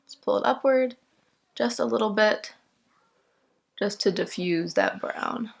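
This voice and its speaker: A woman's voice: medium pitch, a little slow, gravelly. Chatty young woman doing a makeup tutorial. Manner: chatty, step-by-step, laughs easily. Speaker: makeup vlogger.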